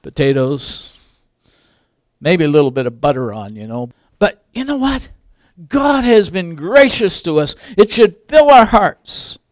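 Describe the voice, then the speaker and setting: An older man preaching a sermon, swinging from loud emphatic peaks to quiet asides. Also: a little high, sing-song, measured pace, no echo, studio quality. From English background.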